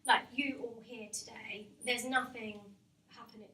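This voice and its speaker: In a company meeting room, a hypnotherapist chats informally with staff, often laughing and quizzing the audience. Her slightly high voice is steady, bright and forceful at normal speed, captured in a roomy, distant recording with faint background noise.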